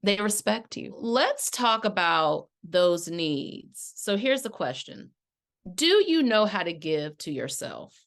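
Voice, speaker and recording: Animated woman life coach hosting a podcast. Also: mid-range voice, takes it slowly, vocal fry. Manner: animated storytelling, acts out quotes, addresses listeners as y'all. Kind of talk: casual solo podcast talk.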